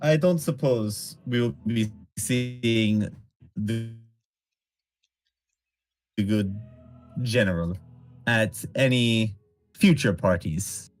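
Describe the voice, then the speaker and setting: A man's voice: mid-range voice, very slow, long pauses, faint music behind. A man role-playing his character in a tabletop game, speaking formally without contractions, often stumbling and repeating words.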